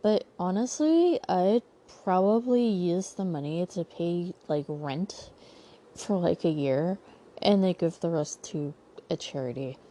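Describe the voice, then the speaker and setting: A woman's voice: lowish voice, lively intonation, takes it slowly, mellow. A young woman hosting a casual recap podcast, chatty and full of sarcastic asides. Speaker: podcast host recapping a TV show.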